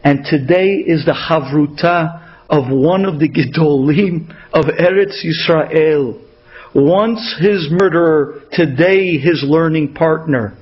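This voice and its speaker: A man with a high voice tells an inspirational story slowly and dramatically. He stacks repeated phrases and weaves in Hebrew terms. The audio is dull and lo-fi.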